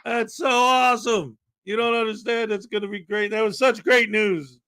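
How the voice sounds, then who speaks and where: Speaking at a moderate pace in a clean, high-sitting voice, this man runs a livestream from his cramped little home desk. He's playful and joking as he chats and reads viewer donations aloud, occasionally shouting with excitement.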